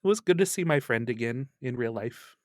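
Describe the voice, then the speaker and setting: A man's voice: medium pitch, lively intonation, fairly quick, a little mellow, dry recording, studio quality. A man co-hosting a podcast, rambling through stories in a playful way and laughing often. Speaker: podcast co-host. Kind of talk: casual late-night chat.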